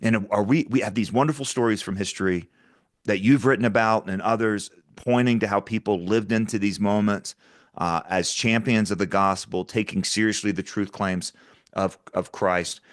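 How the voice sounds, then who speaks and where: A man's voice: fairly low pitch, steady tone, moderate pace, no echo, studio quality. A man speaking as a guest in a conversational interview, earnest and talking through frequent stammered restarts.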